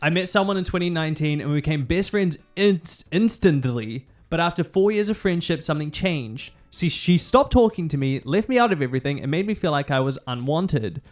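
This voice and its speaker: A man's voice: fairly high pitch, expressive, fairly quick, few pauses, soft background music. A young man with a New Zealand accent, a streamer chatting casually and reading out viewer messages. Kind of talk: casual chat.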